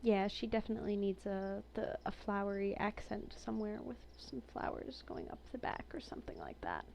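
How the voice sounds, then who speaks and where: A woman's voice: medium pitch, huge pitch swings, a little fast, vocal fry, a little mellow, slight background noise. A woman chatting casually and with amusement as she reviews a game collection, reading entries aloud between her own comments. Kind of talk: casual commentary while browsing.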